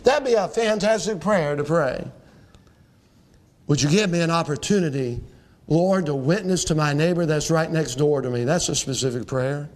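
A male pastor preaching a sermon, earnest and emphatic, slowing down on key words and quoting scripture. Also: fairly high pitch.

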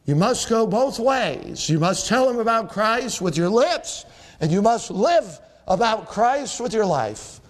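A man's voice: high voice, sing-song, a little slow. A man pastor preaching a sermon to his church, quoting scripture and building to emphatic peaks.

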